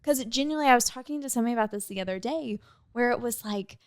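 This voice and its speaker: Talking very fast in a fairly high voice, a young podcast host tells upbeat, animated stories about dating and being single in a casual chat. The recording is dry and studio quality.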